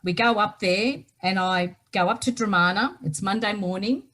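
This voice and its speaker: A woman's voice: mid-range voice, moderate pace, a bit bright. An Australian woman, a guest author, telling a personal story emphatically and often checking in with "right?". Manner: emphatic, keeps asking "right?".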